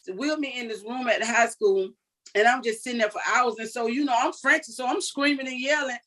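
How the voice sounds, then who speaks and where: An older woman speaks with a fairly high voice. She recounts events earnestly and vividly, acting out what others said. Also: a little fast, fairly bright tone, rough recording. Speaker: interview guest. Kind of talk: emotional personal account.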